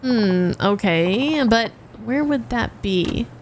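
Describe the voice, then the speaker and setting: A woman's voice: fairly high pitch, lively intonation, slow, slight background noise. A woman voicing an easygoing, curious man acting as a tour guide, with dry, wry remarks, reading game dialogue aloud.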